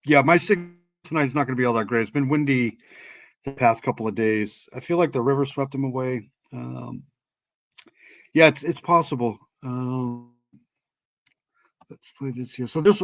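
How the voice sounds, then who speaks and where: A man's voice: mid-range voice, dry recording. Rambling New England man hosting a stream. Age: older. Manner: rambling, many ums and restarts. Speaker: true crime livestream host. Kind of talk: casual livestream chat.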